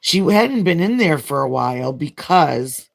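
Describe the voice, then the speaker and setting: A woman's voice: deep voice, big pitch swings, measured pace, creaky, soft background music. A woman chatting casually as a nail vlogger while she does her nails, telling a long, frank, rambling story.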